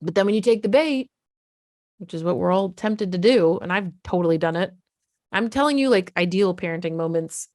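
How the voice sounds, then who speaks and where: Middle-aged woman, parenting coach, blunt and casual, swears a lot, lowish voice, dry close sound. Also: expressive, fairly quick, darkish tone, no room sound. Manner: frank and casual, swears freely. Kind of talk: candid talk to parents.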